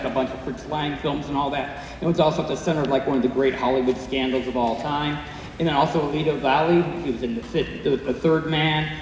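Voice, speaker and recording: A man in the audience rattles off a long, rambling question, filling it with "like" and "you know." He talks fast and sounds far from the mic. The echo of a big reverberant hall surrounds him. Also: medium pitch, darkish tone. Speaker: audience member asking questions. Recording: echoey hall from far off, faint room noise.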